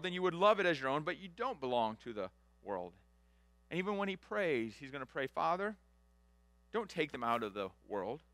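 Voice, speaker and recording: A middle-aged man preaches with a bright, ringing voice that sounds crisp and clean. The sound is close and dry, with no room echo. He talks to the congregation in an easy, conversational way, rising to loud animated bursts and dropping to near-hushed quiet. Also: sits high. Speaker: pastor. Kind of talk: sermon.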